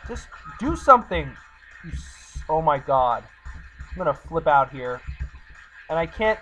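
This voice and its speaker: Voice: mid-range voice, sing-song, a little slow, bright, forceful tone. A gamer giving let's play commentary, exasperated and talking back to the game. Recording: slightly muffled recording, faint game music.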